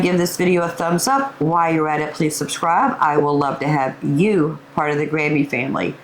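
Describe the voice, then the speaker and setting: A woman's voice: low voice, slight background noise, poor audio. An older woman, hosting a casual cooking vlog and calling her viewers family as she tastes her food. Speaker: cooking channel host.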